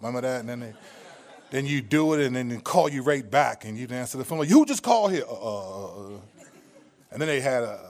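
A man preaching a conversational sermon as pastor, joking and telling stories with many restarts. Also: mid-range voice.

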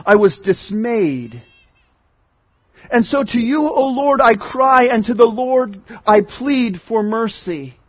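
High-pitched guy preaching, earnest, goes from loud pleading to quiet asides, dry slightly dull audio. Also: expressive, slow pace, no echo. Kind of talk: sermon.

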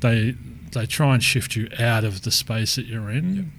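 A man's voice: medium pitch, a little slow, a little hiss or hum. A man who works as a lived experience practitioner, talking reflectively in casual conversation. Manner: reflective, animated storytelling with restarts.

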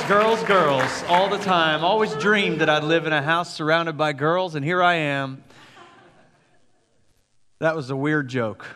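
A man, a lead pastor chatting and joking with his congregation before a sermon. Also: on the high side. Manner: chatty, joking, self-deprecating. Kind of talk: casual sermon announcements. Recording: long hall reverb.

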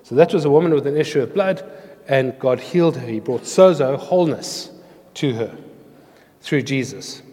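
A man's voice: medium pitch, lively intonation, normal speed, mellow. Preaching man in a reverberant hall. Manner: earnest, storytelling, explains scripture words. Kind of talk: sermon with scripture reading.

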